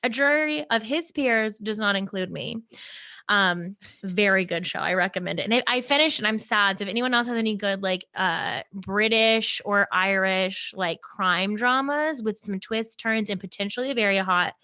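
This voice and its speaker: A young woman from Birmingham co-hosting a podcast, talking in an animated, rambling way and laughing often. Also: mid-range voice, normal speed, no echo, muffled recording. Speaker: podcast co-host. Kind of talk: casual chat.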